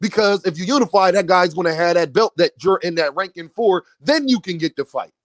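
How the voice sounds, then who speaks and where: Emphatic high-voiced man talking boxing. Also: expressive, fairly quick, no echo. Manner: emphatic, talks straight to his viewers. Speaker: boxing commentator. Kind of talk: opinionated boxing commentary.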